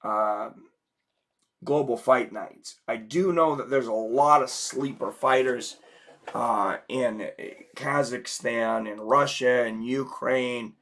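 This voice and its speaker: A man's voice: mid-range voice, takes it slowly, fairly bright tone. A man who is sick and losing his voice, hosting a casual livestream and talking through viewer comments in a rambling way. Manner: rambling, filler-heavy. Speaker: livestream host.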